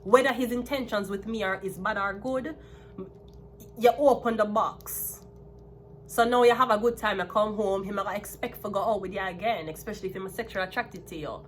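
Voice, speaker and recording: A Jamaican tarot reader in her thirties gives a casual, emphatic reading, talking animatedly and repeating her points. Her voice is mid-range at normal speed, with slight background noise.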